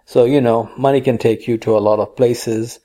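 A man's voice: medium pitch, fairly even intonation, normal speed, dark tone. A man co-hosting a casual chat, reading news items aloud with playful puns and quotes. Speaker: co-host.

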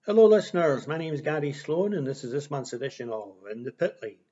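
A man's voice: a little high, quick pace, warm tone. A man reading a scripted motor racing column with dry irony. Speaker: guest columnist. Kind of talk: scripted commentary. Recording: dull lo-fi audio.

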